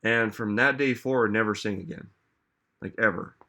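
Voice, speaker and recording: Male motivational speaker, slightly low voice, relaxed talk that turns emphatic with questions to the audience. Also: normal speed. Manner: conversational, frequent "like" and "right?". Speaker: self-help speaker.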